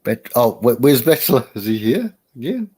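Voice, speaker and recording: A man's voice: medium pitch, sing-song, normal speed, a crowd in the background. A man hosting a casual voice chat with loose, joking banter.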